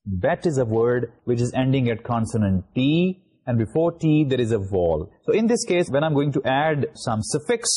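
A middle-aged Pakistani man delivers a recorded university lecture, spelling out words letter by letter and leaning on fillers like "you know". His voice is husky and mellow, and his pitch swings widely. He speaks English with a Pakistani accent. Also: big pitch swings, moderate pace, hardly any pauses.

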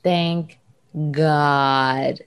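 A woman's voice: deep voice, steady tone, drawn-out words, clean tone. A woman in her thirties co-hosting a podcast, easygoing and chatty. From United States. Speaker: podcast co-host. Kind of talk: casual chat.

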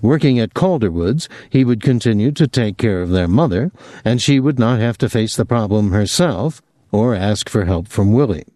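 A male audiobook narrator telling the story in an even, measured way. His pitch moves in a lively way and his tone is dark and mellow. The recording is dry and close. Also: dry recording.

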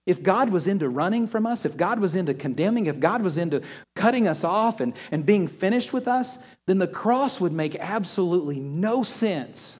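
A pastor with a fairly high voice delivers a storytelling sermon in a large church. He restarts thoughts by repeating words and sinks to a hushed near-whisper to press a point. Long hall reverb trails his words. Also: lively intonation, moderate pace.

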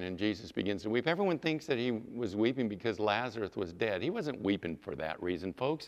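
Pastor guy preaching, voice all over the place, long church echo. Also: lowish voice. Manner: animated storytelling, acting out scenes. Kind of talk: sermon. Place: church sanctuary. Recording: long hall reverb.

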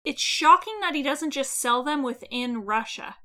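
A woman's voice: high voice, lively intonation, moderate pace, sharp tone. A woman co-hosting a casual podcast chat, blunt and skeptical, swearing casually. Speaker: podcast co-host.

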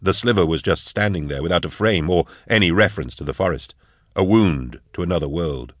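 A man giving steady, measured scripted narration of an audiobook. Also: deep voice, no room sound, clean studio sound.

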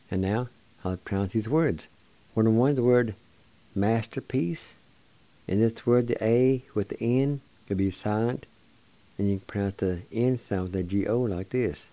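An older man teaching words of his language on a radio show, slowly spelling and pronouncing each syllable with patient encouragement. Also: fairly low pitch, mellow, no room sound. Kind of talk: slow spelling and pronunciation lesson.

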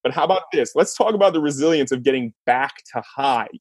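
A man hosting a podcast, telling a sports story in a lively casual way and laughing as he talks. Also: medium pitch, fast talker, slightly rough. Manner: animated storyteller, laughs mid-sentence. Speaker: podcast host.

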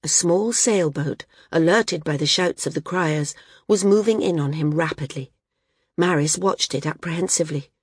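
Female audiobook narrator, low-ish husky tone, steady reading, dry close studio sound. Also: no echo. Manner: measured reading, lifts pitch for shouted dialogue. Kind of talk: scripted narration.

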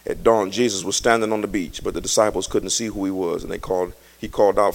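A male pastor preaching a sermon in a colloquial, joking way, swinging from quiet talk to shouting. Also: low-pitched, fairly even intonation, fast talker. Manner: colloquial, jokes with the congregation.

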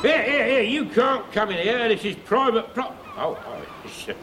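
A man's voice: very high-pitched, sing-song, moderate pace, noisy background. An actor playing a grumbling male pier handyman, talking in a whining, aggrieved way in a radio sitcom. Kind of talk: 1990s radio sitcom acting.

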